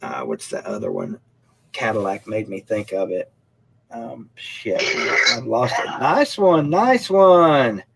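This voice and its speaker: A man's voice: on the low side, expressive, unhurried, gravelly, heavy background noise. A man hosting a casual live stream, joking, swearing and reading comments. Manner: profane, joking, reads comments. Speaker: host.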